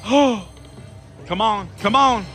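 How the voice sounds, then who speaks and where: Excitable man over loud casino music. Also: high-pitched, slow pace. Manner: animated, talks to viewers, sudden excited outbursts. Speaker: casino vlogger. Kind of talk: excitable slot-machine commentary. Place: casino floor. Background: loud casino machine music.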